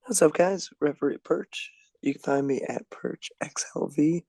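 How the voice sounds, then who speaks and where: Gravelly upbeat male podcast co-host. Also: a little high, measured pace, mellow, no echo. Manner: upbeat, enthusiastic, gushing. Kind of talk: casual podcast chat.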